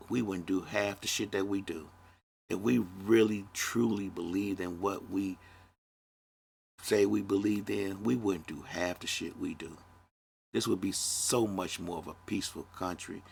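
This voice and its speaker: A man's voice: deep voice, gravelly, fairly bright tone, slightly rough. A man in his fifties, a podcast host, talking bluntly in a casual monologue and swearing freely. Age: 50s. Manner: blunt, profane, conversational.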